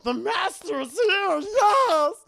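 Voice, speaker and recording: A man's voice: extremely high pitch, big pitch swings, vocal fry, sharp tone, dry recording, clean studio sound, pitched above the performer's own voice, heavily acted. A man voicing a creepy, groveling woman who talks like Gollum, drawn out and hissing. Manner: hissing, groveling, slow drawn-out lisping speech.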